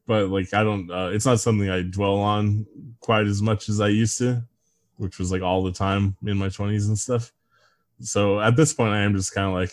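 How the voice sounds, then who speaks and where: A man in his thirties co-hosts a casual podcast, sardonic and full of dark jokes, laughing often. His voice is on the low side with a steady tone at normal speed, and there's no echo.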